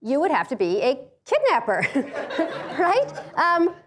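A lively American woman in middle age tells a comic story to an audience, her voice bright and high. She swoops all over her range, laughing and slipping into quick acted-out voices as she goes. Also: background noise. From United States. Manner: animated, acts out voices, laughs often. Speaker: speaker giving a talk.

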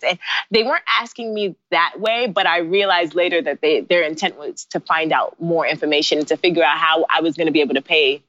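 Lowish woman voice, chatty guest in her thirties, dry close sound. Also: fairly quick, no echo. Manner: animated, laughing asides, acts out her own past lines. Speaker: guest, bridal designer. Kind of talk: casual interview storytelling. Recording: dry, slightly dull sound.

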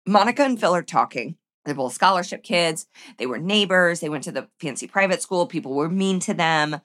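A woman's voice: fairly low pitch, lively intonation, fairly quick, a bit bright. A woman co-hosting a casual chat, recapping a movie with wry, joking remarks. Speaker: podcast co-host.

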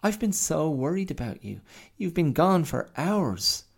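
A frantic mother, pleading in a high, strained voice, as a man puts her on in a storybook reading. Her words come slow and heavy with worry, loud and pushed. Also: sing-song, creaky, breathy edge, exaggerated voice. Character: frantic worried young mother.

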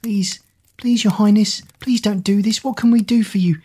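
A woman's voice: mid-range voice, steady tone, normal speed, warm tone, slightly rough, voice pushed up, natural voice. A woman voicing a terrified young woman who begs and pleads for mercy. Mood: pleading. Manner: begging, pleading.

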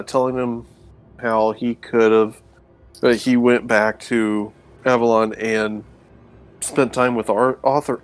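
A man co-hosting a casual chat, recapping a comic's plot in a relaxed storytelling way. He paraphrases the characters in quick asides and laughs easily. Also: mid-range voice. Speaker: comic book podcast co-host.

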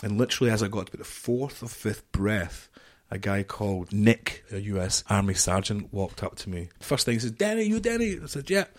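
A middle-aged man, a podcast guest, telling a story in an animated, swearing way and acting out the dialogue. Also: fairly low pitch, moderate pace. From United Kingdom.

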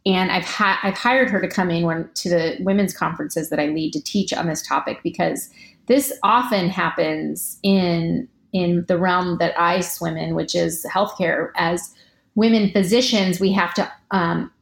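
A woman physician and public speaker, a guest in an interview, giving earnest, animated advice and acting out quoted lines. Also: on the low side, unhurried, vocal fry. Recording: roomy echo.

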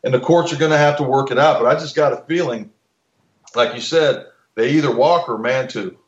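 A man's voice: medium pitch, a little fast, roomy sound, lo-fi sound. A man in casual podcast talk, blunt and opinionated, swearing freely and restarting his sentences.

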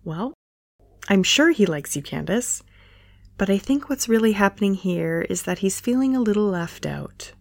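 A woman reading a dry, teasing young man with a slightly lowered voice in a romance story. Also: lively intonation, moderate pace, vocal fry, no room sound. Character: young adult man, dry, joking, easygoing.

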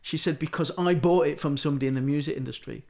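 Gravelly man telling stories. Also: a little high, fast talker. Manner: animated storytelling, acting out quoted voices. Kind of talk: casual anecdotal chat.

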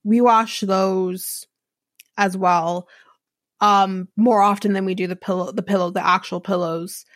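A woman's voice: medium pitch, steady tone, measured pace, dry recording, studio quality. A woman hosting a podcast, recapping a reality show in a chatty, rambling way with many restarts. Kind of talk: casual chat recap.

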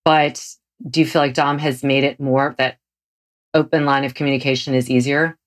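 A woman in her forties hosting a casual interview, gushing and effusive, her pitch leaping up when she gets excited. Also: moderate pace. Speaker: podcast host.

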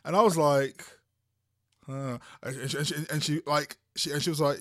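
A man's voice: on the high side, a little fast, no echo, clean studio sound. A man from London co-hosting a podcast, telling a story in casual chat with lots of stops and restarts. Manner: animated storytelling with many restarts. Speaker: podcast co-host.

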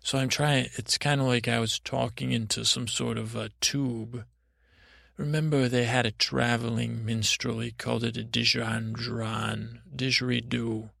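A man's voice: medium pitch, level tone, unhurried, creaky, fairly bright tone, no echo. A man hosting a podcast, telling a rambling bedtime story in a meandering, hesitant way, full of restarts and side remarks. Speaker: podcast host.

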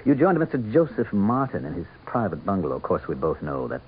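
An actor playing a sly, sardonic male campaign manager who speaks with smooth, mocking politeness in a 1970s radio drama. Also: fairly low pitch, very animated, fairly quick, slight background noise. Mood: menacing. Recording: thin, tinny old radio broadcast.

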